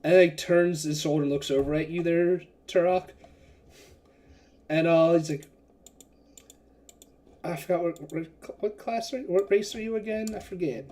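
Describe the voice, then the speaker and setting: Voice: medium pitch, moderate pace, long pauses, darkish tone. A game master narrating a tabletop game casually, rambling with many fillers.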